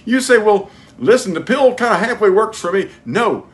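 With wide swings in pitch and a normal speaking speed, a male preacher poses direct questions to the crowd and swings from loud, emphatic highs down to hushed prayer.

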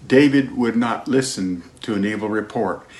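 A man preaching a sermon as pastor, emphatic, moving between loud declarations and hushed lines. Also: fairly low pitch, moderate pace. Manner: sings hymn lines.

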